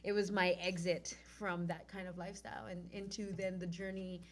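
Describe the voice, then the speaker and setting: A woman from Oahu with a Hawaiian accent, a guest telling a personal story in an animated way and acting out what she said back then, from loud to hushed. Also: fairly low pitch, normal speed, slight background noise. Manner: acts out her own past lines, swinging from loud to hushed.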